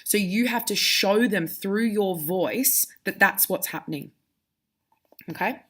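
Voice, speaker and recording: A woman's voice: medium pitch, a little slow, a bit bright, slightly rough. Woman teacher explaining reading aloud. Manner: explanatory, demonstrative. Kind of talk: reading lesson for pupils.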